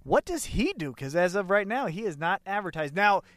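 High-voiced joking podcast guy, dry sound. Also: very animated, normal speed, fairly bright tone, no echo. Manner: joking, crude trash talk. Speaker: wrestling podcast co-host. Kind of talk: casual chat.

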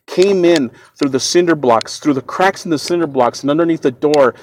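A man hosting a podcast, telling a first-person story in an earnest, shaken way, often repeating and restarting his words. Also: on the high side. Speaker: podcast host.

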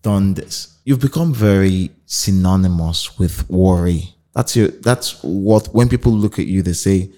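A man's voice: low-pitched, unhurried, few pauses, warm tone. A man interviewing a guest, asking questions and adding brief encouraging interjections. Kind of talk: casual interview.

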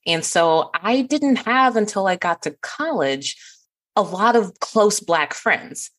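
A woman's voice: medium pitch, expressive, slow pace, a bit bright. A woman hosting a podcast, talking earnestly and from the heart with a friend, laughing now and then. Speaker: podcast host. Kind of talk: heartfelt conversation.

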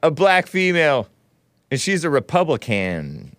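A man's voice: medium pitch, expressive, normal speed, dry recording. Sarcastic male talk show host. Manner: sarcastic, mocking. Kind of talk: casual commentary.

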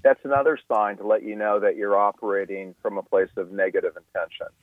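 A man's voice: lowish voice, fairly even intonation, brisk, no echo. A man, a guest in a radio interview, explains his ideas at length, often restarting his sentences with fillers. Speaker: guest expert. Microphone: telephone. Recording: tinny phone line.

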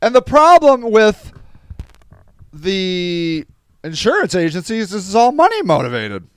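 Stuffy-nosed and tired, a podcast host reads his livestream's comments aloud, rambling and restarting in a casual way. His high-pitched voice makes huge pitch swings at an unhurried pace, with a clean tone and dry recording.

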